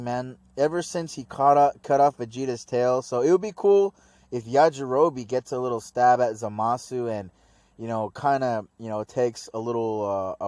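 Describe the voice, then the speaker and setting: A man's voice: mid-range voice, darkish tone, no echo. Slangy rambling male anime reviewer. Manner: slangy, rambling, lots of dude and man. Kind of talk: casual episode review.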